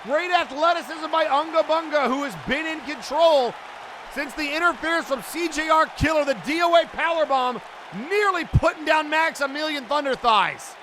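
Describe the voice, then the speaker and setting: A man calling play-by-play for an online wrestling show, excitable and bursting into frantic shouting at big moments. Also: very high-pitched, moderate pace. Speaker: wrestling commentator. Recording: loud music and crowd noise behind.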